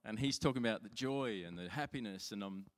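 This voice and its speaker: A pastor with a lowish voice delivers his sermon a little fast, his words echoing in long hall reverb. He's chatty and pokes fun at himself while telling stories, often starting phrases over.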